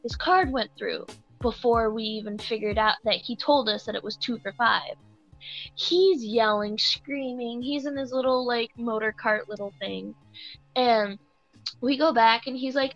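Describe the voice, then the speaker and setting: Animated young woman telling a story. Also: fairly high pitch, a little slow, lo-fi sound, faint music behind. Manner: animated, acts out customers, laughs at the story. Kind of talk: casual storytelling chat.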